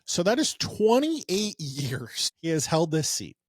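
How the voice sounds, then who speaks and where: Sarcastic podcast host, dry mic. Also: male voice, on the high side, big pitch swings, takes it slowly, no room sound. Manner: rambling, sarcastic asides. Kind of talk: casual political podcast chat.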